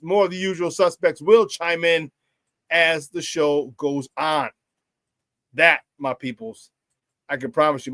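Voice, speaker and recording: A man's voice: high voice, a bit bright, no room sound. A middle-aged man hosting a live morning sports talk show, hyped and boisterous, laughing often as he reads out viewer comments.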